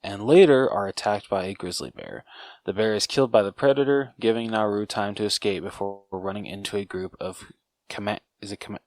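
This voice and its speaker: A man's voice: fairly low pitch, brisk, darkish tone. A young man co-hosting a podcast, casually recapping a film's plot, stumbling over names and swearing at himself. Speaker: podcast co-host.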